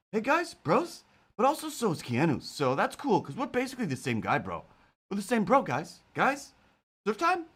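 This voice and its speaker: A man's voice: a little high, breathy edge, heavily acted. A man putting on a laid-back male surfer bro voice with a Canadian accent, drawling and calling everyone bro.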